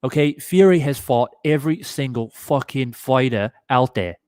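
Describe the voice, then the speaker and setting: A man's voice: mid-range voice, animated, normal speed, a little mellow, clear, resonant tone, dry recording, clean studio sound, natural voice. A man voicing a mocking, swearing British fan in a put-on British accent that drifts toward Aussie. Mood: taunting. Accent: put-on British, mixed with Aussie. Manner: taunting, profane.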